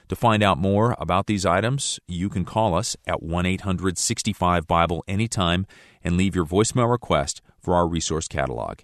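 Deep-voiced male radio announcer, dry. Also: no room sound. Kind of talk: scripted announcing.

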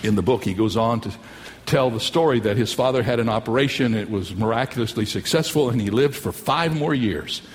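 A man preaching a sermon with emphatic delivery, slowing down for quoted story lines. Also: medium pitch. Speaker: pastor. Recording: long hall reverb.

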